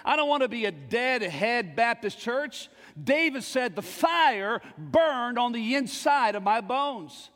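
A male pastor preaching a fervent sermon with call-and-response, surging into shouts. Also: very high-pitched, expressive, slow. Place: church sanctuary. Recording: long reverb of a church sanctuary.

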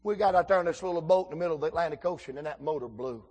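A man, preaching a folksy storytelling sermon that swings between shouts and hushed asides. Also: a little high, very fast.

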